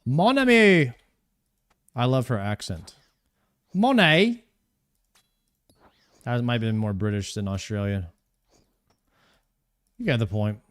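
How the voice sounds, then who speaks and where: A man's voice: fairly low pitch, steady tone, normal speed, long pauses, a little mellow, clear, resonant tone. A man streaming a video game live, chatting casually and thanking viewers by name.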